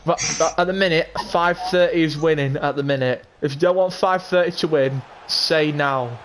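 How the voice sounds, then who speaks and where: Chatty, excitable man live-streaming games. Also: a little high, normal speed, a little hiss or hum. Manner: chatty, excitable, keeps greeting and quizzing viewers by name. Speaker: gaming livestreamer. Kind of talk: casual live-stream chat.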